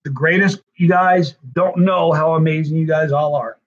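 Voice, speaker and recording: Over dull lo-fi stream audio, a tired man chats casually with his livestream audience, rambling and effusively thanking each viewer. He speaks at a moderate pace in a voice on the high side, with fairly even intonation.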